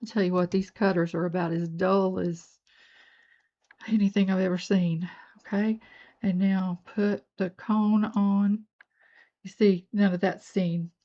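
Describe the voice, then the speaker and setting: A beading channel host, an older woman from North Georgia, speaks with a Southern accent and a warm, medium-pitched voice. She narrates a crafting tutorial, chatting in a folksy way while making jewelry. The sound quality is lo-fi.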